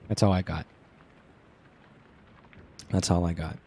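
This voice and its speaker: Low mellow guy rambling thru a game stream, swears a lot, lots of um and like. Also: steady tone, takes it slowly, pauses often, husky, dry recording. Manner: rambling, crude jokes, many fillers. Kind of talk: casual let's-play commentary.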